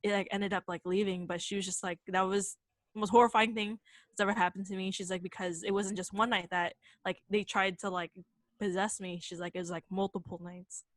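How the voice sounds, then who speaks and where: A woman co-host telling a friend's ghost story in a loose, rambling way, heavy with fillers and the odd swear word. Her voice sits at a middle pitch and sounds dry and close, with no room around it. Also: flat delivery, brisk, dry recording, poor audio. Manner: casual, swears freely, many fillers. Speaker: podcast co-host. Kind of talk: casual chat, storytelling.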